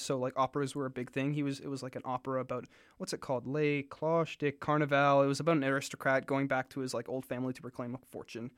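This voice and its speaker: A man's voice: medium pitch, quick pace, dry recording, clean studio sound. A man casually retelling a story, full of fillers, restarts and jokey asides.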